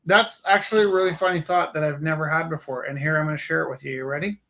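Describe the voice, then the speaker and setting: A man's voice: a little high, steady tone, quick pace, gravelly, pushed and bright. Rambling man telling a story on stream. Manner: rambling storyteller, self-deprecating. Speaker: live art stream host. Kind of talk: casual chat.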